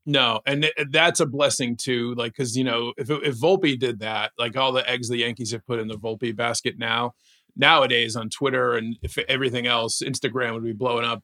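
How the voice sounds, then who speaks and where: A man co-hosting a casual sports podcast, telling stories in an animated way and laughing often. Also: medium pitch, normal speed. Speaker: podcast co-host.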